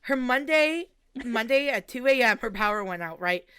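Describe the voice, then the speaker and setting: A young woman co-hosting a podcast, telling a story in animated casual chat and swearing freely. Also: fairly high pitch, moderate pace, clear, resonant tone, no echo, studio quality. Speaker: podcast co-host.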